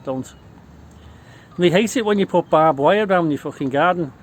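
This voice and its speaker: Middle-aged Liverpudlian man, brash storyteller, swears freely, voice a touch high, light background hiss. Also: normal speed. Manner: swears constantly, rowdy and boastful. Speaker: vlogger telling stories. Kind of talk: casual storytelling.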